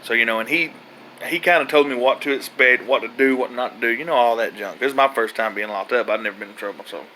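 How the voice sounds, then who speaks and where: A man's voice: medium pitch, fast talker, pushed and bright, a little hiss or hum, poor audio. A man casually telling his own story in a loose, rambling way, with lots of fillers and swearing. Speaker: vlogger recounting his own prison intake.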